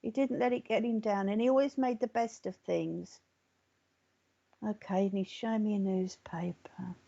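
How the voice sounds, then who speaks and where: A mid-range, dark-toned voice with vocal fry carries this woman's live reading as a medium, steady and at normal speed. She comforts her listener and often checks in with "okay?" and "all right?"; the sound is lo-fi.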